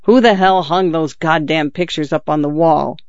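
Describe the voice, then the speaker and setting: A man doing a bitter husband who drinks away his afternoons, talking bluntly and sullenly. His voice sits a touch high for a man. The sound is dry and slightly muffled. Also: normal speed, dry recording, lightly acted. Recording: dull dry lo-fi recording.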